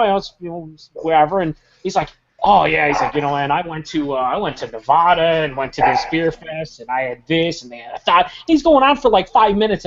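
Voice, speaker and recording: A man's voice: on the high side, background noise. A man hosting a casual chat, telling stories in an exasperated tone and swearing often. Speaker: podcast host. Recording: slightly muffled recording.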